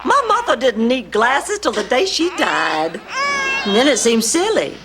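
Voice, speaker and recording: Blanche: a flirtatious charmer. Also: female voice, a little high, big pitch swings, unhurried. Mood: theatrical. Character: vain, flirtatious woman, dramatic and coquettish. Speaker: sitcom character. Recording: hissy TV sitcom clip.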